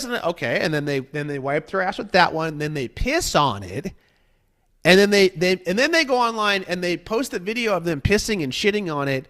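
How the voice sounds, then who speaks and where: A man's voice: sits high, sing-song, fairly quick, a bit bright. A man in casual podcast chat, rambling and profane, acting out the people he mocks in put-on voices. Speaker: guest.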